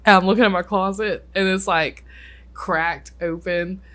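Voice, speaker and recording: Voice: medium pitch, fairly even intonation, a bit bright. Chatty young adult telling ghost stories. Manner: chatty, many filler likes, quick bursts. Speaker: podcast co-host. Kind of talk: casual storytelling chat.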